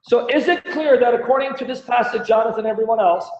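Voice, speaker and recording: Speaking at a quick pace in a strikingly high voice, a Christian apologist hosts a live teaching stream on Bible-Quran debate. He's animated, pressing listeners for answers with rhetorical question after rhetorical question, and his sound is dull and lo-fi with a roomy echo.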